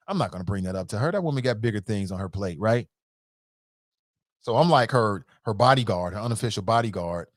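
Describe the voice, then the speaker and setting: A man's voice: medium pitch, no echo, studio quality. A man hosting a talk show, telling a story in a casual, jokey way and acting out the quotes with voices. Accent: American.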